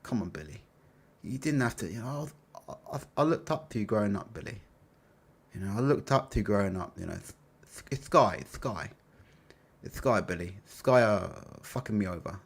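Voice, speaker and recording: A man's voice: fairly low pitch, lively intonation, moderate pace, gravelly, pauses often, breathy edge, pitched below the performer's own voice, full character voice. A man mimicking a groveling young promoter. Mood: pleading. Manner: mumbled, pleading, hesitant. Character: young male boxing promoter, groveling and pleading. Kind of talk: impression during a livestream.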